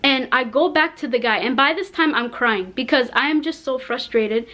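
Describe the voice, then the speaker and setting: Animated high-voiced young woman storyteller. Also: normal speed. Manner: animated retelling with acted quotes. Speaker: vlogger. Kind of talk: storytime vlog. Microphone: camera mic.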